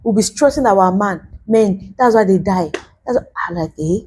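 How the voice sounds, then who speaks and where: A young Nigerian woman vlogs to camera, preaching earnestly yet casually and repeating her points for emphasis. Her voice is medium-pitched and husky with a darkish tone, at a normal speed.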